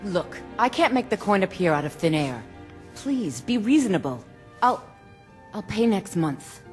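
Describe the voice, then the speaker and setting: An actress playing a stubborn, indebted innkeeper in a video game, talking in a defiant, exasperated manner. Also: female voice, medium pitch, big pitch swings, a little slow, a little mellow. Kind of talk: video game character dialogue. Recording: game audio with faint music.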